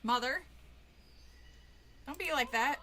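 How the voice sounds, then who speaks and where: A woman playing a horror game and commenting aloud, chatty and quick to laugh as she talks back at what she sees. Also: sits high. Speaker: video game streamer. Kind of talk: let's play commentary. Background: game music.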